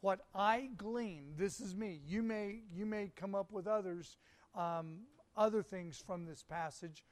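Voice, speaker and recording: A man preaching a sermon, reading scripture aloud and speaking with deliberate, emphatic pauses. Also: high voice.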